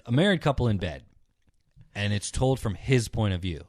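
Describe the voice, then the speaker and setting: Young male podcast co-host, very low voice, loose swearing storyteller, dry close sound. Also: big pitch swings, moderate pace, a little mellow, no echo. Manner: rambling, swears a lot, acts out characters in a low mutter. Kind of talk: casual chat retelling stories.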